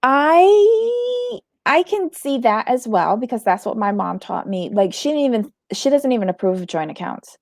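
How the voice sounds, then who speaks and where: A woman's voice: fairly high pitch, big pitch swings, normal speed, a little mellow, no echo, clean studio sound. A woman hosting a casual reality TV commentary show, talking bluntly and with lots of energy, swearing and acting out quotes.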